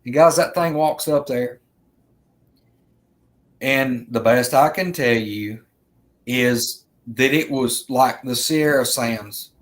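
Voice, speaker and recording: A man's voice: mid-range voice, slow pace, pauses often. Rambling storyteller man. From Alabama, US. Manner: earnest, rambling, repeats himself, addresses viewers as guys. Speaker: vlogger telling an encounter. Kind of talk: casual storytelling.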